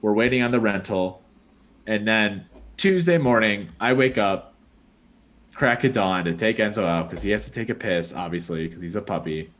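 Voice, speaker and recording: A man's voice: fairly low pitch, moderate pace, a bit bright. Rambling young guy telling a story. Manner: rambling storyteller, lots of "like" and "dude". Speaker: podcast host. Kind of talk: casual chat.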